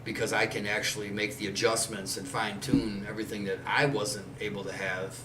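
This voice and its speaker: Fairly quick and flat, this fortysomething podcast host speaks in a fairly low voice while chatting casually. His talk is loose and rambling, blunt, and heavy on swearing. Background noise and faint ambience come through a roomy, distant recording.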